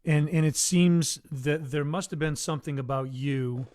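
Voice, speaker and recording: Easygoing male interviewer, slightly higher voice, laughs along with his guest. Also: moderate pace. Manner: relaxed, encouraging, laughs along. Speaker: host. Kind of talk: casual interview.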